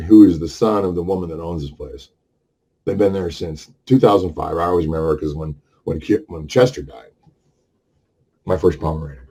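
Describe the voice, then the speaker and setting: A man's voice: deep voice, warm tone, slightly rough. Man telling a profane, heated story. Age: 60s. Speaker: vlogger. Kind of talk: casual storytelling rant.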